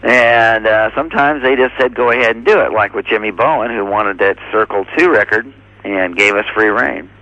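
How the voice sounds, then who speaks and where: A man being interviewed as a drummer, speaking in an easygoing, halting way with lots of fillers. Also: on the low side, bright, forceful tone, dull audio. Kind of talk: casual interview answers.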